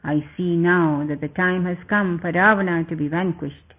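A man voicing a gruff demon gatekeeper woman. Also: sits high, steady tone, moderate pace. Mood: resigned. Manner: gruff and commanding. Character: fierce female demon gatekeeper, gruff and threatening. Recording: tinny phone-like sound.

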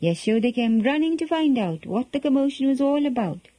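A woman reads a children's story aloud, gentle and expressive. Her voice is warm and mellow, pitched a little high, and the recording is dry and close. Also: brisk, no room sound, low-quality recording.

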